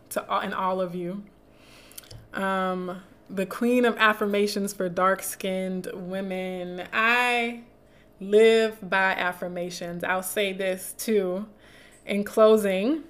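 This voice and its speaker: A woman speaking in a slow, unhurried voice with long pauses, reading affirmations with soothing calm. She also talks casually to her viewers, warm and quick to laugh, with a voice of middling pitch. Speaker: livestream host reading affirmations.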